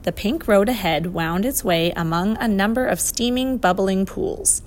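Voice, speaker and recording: A woman narrating a children's storybook in a clear, even storytelling manner. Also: mid-range voice, normal speed. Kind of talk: storybook reading.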